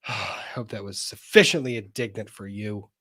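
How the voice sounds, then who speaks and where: A man's voice: lowish voice, moderate pace, fairly bright tone, breathy edge, no room sound. A man hosting a live-streamed legal talk show, reading viewer messages aloud in a chatty, wry way with laughs and casual cursing.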